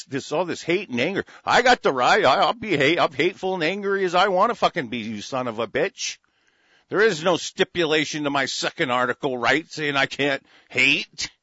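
A man delivers a furious, profane rant, his voice sitting a little high and stumbling over restarts. The sound is dull and muffled with no room echo. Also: sharp tone. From United States. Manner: angry, profane, repetitive with frequent restarts. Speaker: political commentator. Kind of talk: ranting monologue to an audience.

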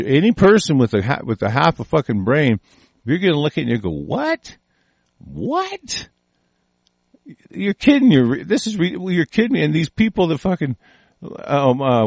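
Gravelly man, angry profane rambling rant, dry close recording. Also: mid-range voice, darkish tone, no echo. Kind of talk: profane ranting commentary.

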